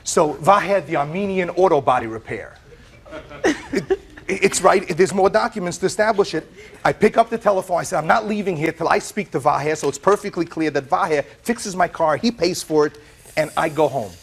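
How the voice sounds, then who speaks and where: A middle-aged man testifying as plaintiff in a courtroom, telling his story in an animated way, acting out what others said, often repeating words and restarting. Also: sits high, moderate pace. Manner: animated storyteller, quotes others in lively voices.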